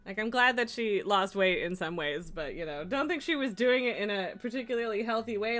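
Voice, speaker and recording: A woman's voice: medium pitch, fairly quick, hardly any pauses, a bit bright, soft background music. A woman streaming from home, chatting casually and cooing baby talk at her cats. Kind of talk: casual live-stream chat. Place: home room.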